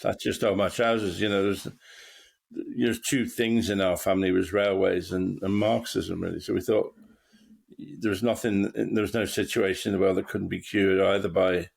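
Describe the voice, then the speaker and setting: A man's voice: deep voice, steady tone, normal speed, gravelly, husky. A man hosting a podcast, chatting casually and telling wry, rambling anecdotes. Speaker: podcast host. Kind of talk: casual chat.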